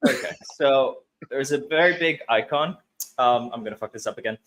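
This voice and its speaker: A man's voice: medium pitch, brisk, a bit bright. A man co-hosting a casual podcast, hesitant and self-deprecating, with many fillers. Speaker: podcast co-host. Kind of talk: casual chat.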